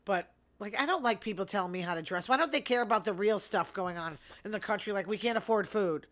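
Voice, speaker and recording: A middle-aged woman hosting her own show, chatting in a rambling, sarcastic way and talking fast. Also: medium pitch, a bit bright. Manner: fast talker. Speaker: podcast host. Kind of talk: casual solo commentary.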